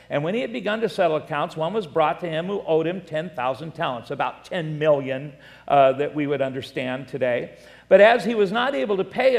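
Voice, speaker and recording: Pastor, male, animated sermon delivery with acted-out voices; gravelly, slightly high voice, long hall reverb. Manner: animated preaching, acts out voices, reads scripture aloud. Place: church sanctuary.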